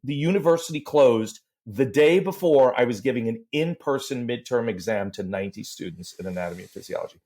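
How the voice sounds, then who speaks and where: A middle-aged man talking as a guest on a podcast. He tells animated stories and sometimes breaks into short sung syllables. His voice sits at an ordinary pitch for a man. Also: a little fast, hardly any pauses. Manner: animated storyteller, sings demo syllables. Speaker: voice teacher and guest. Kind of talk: podcast interview.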